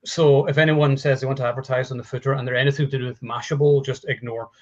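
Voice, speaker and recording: A man's voice: mid-range voice, steady tone, fast talker. A man hosting a casual movie chat on a live stream, rambling and swearing with lots of restarts. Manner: profane, rambling with restarts and laughs. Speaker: podcast host. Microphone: home mic on a video call stream. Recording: dull lo-fi stream audio.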